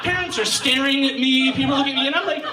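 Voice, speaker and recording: A man's voice: very high-pitched, level tone, very fast. Distant man telling a toddler story to a crowd. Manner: wry storytelling about his toddler. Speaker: stand-up comic. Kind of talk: stand-up bit. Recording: distant, echoey room with a clear crowd.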